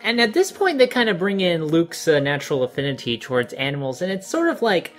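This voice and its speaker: A man's voice: fairly high pitch, big pitch swings, fairly quick, fairly bright tone, soft background music. A man in casual gaming chat with wry, self-deprecating humor, commentating a puzzle game. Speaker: let's play commentator.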